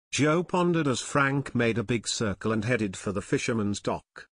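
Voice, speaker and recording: A man narrating an adventure audiobook in a steady, measured reading, recorded close to the mic. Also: medium pitch, no echo. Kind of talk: scripted narration.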